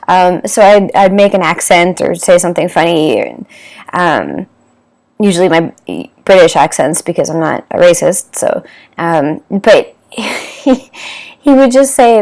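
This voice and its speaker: Her voice is lowish and darkish, a little slow, with big swings in pitch. She's a Canadian vlogger in her thirties sharing a dating story to camera, candid and meandering, with lots of fillers and restarts.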